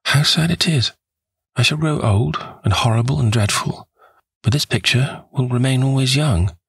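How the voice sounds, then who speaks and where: A man reading a novel aloud, voicing a vain young man who despairs over losing his youth, in a pleading, husky voice. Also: medium pitch, moderate pace, fairly bright tone, no echo, clean studio sound, pitched above the performer's own voice, heavily acted. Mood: anguished.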